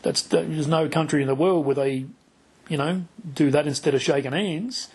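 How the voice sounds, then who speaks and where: A man's voice: on the high side, moderate pace, a little mellow, husky. A middle-aged Australian man hosting a podcast, telling stories bluntly and swearing freely. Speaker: podcast host. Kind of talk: casual chat.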